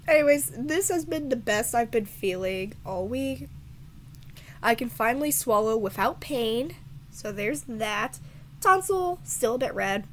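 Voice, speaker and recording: A congested, hoarse woman with a raspy voice, rambling casually in a vlog and stumbling over her words. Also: on the high side, animated, a little slow, slight background noise. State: congested, hoarse from a sore throat. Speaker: video creator.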